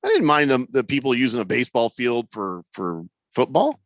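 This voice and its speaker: A man's voice: mid-range voice, huge pitch swings, brisk, no echo, clean studio sound. A man hosting a sports radio talk show, joking around and reading listener messages aloud. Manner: jokey, reads listener messages aloud, laughs often. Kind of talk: casual sports radio banter.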